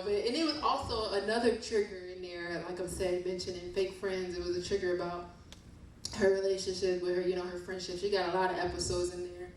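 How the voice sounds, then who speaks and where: A young woman reading her poems at a book release and chatting about them in a slow, soft, reflective way. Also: fairly low pitch, fairly even intonation. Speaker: author reading her poetry. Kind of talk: poetry reading and casual chat. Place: event room at a book release show. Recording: very echoey room, distant mic, faint noise.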